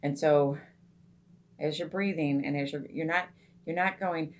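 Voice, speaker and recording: A woman with a low voice gently coaches meditation as a group host, giving a casual teaching talk. She is unhurried, with many ums and restarts, and turns soft and slow when guiding the breath.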